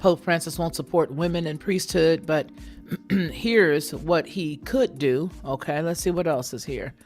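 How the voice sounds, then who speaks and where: A woman's voice: low-pitched, a little slow, darkish tone, soft background music. A middle-aged woman hosting a casual live chat, thinking aloud and speaking directly to her viewers. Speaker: channel host.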